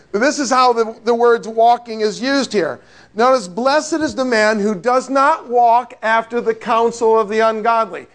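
High-voiced joking male preacher. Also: moderate pace, fairly bright tone. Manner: conversational, joking, asks the listeners rhetorical questions. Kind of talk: sermon.

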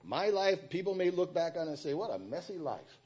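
A middle-aged man giving a personal church testimony, speaking haltingly with frequent restarts. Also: a little high, very animated, darkish tone, slightly rough, soft background music.

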